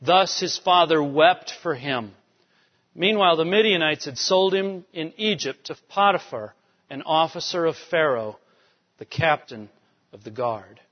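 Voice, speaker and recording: Man, bible lecture, fairly high voice, conversational, keeps asking "okay?", muffled sound, long hall reverb. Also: expressive, a little slow. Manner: conversational, checks in with rhetorical questions. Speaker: Bible teacher.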